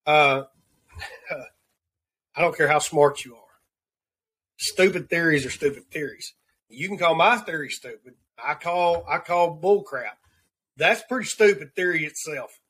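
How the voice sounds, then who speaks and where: A man's voice: a little high, unhurried, pauses often, a bit bright, husky. A man with a Southern accent giving an earnest, rambling devotional segment as a podcast host, repeating words as he searches for them. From Southern United States. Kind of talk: devotional segment of a talk show.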